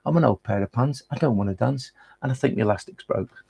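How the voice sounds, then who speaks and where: Brief: man as tired old talking pants, soft and pleading, raspy. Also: mid-range voice, fast, no echo. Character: weary old male pair of pants.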